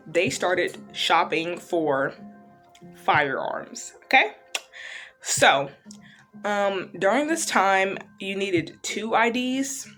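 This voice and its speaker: A woman's voice: mid-range voice, a bit bright. A woman recapping a TV series in a casual, chatty way, full of fillers and loose asides. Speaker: true-crime reaction vlogger.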